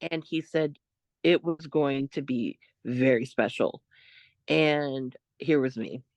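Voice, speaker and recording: A woman co-hosting a podcast, telling a story in a casual, animated way, quoting what others said. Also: a bass voice, slow, no echo. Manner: animated retelling, quotes others, laughs often. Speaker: podcast co-host.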